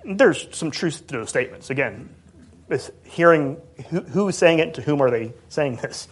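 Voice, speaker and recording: A man giving a measured academic lecture on theology and healing, stressing key points. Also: on the high side, expressive. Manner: measured, emphatic, reads out quotes.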